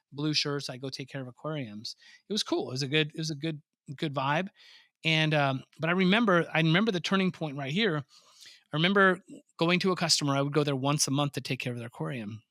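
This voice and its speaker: A man with a bright, slightly raised voice tells business stories in a casual podcast chat. He swears freely and acts out his own reactions with energy. The room sounds dry and close. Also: a little high, dry recording. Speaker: podcast guest, pond business owner. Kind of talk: casual interview storytelling.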